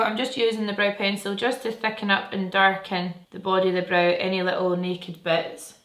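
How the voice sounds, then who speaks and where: Girl rambling thru her makeup routine, keen and friendly, middle pitch, bit of room echo. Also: fairly bright tone. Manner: chatty, enthusiastic, talks while working. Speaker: beauty vlogger. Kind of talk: makeup tutorial chat. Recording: echoey room.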